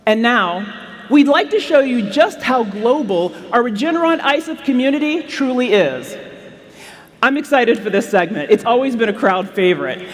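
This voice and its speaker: A woman hosting a ceremony, reading a script and building hype by calling out country names with excitement. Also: on the high side, normal speed, long reverb tail. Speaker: ceremony host. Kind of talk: scripted event announcing.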